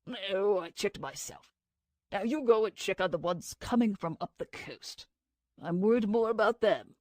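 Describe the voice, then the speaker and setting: A woman's voice: medium pitch, expressive, measured pace, a little mellow, no echo, studio quality, close to an everyday voice. A woman reading the lines of a greedy male officer who talks in a curt, dismissive way.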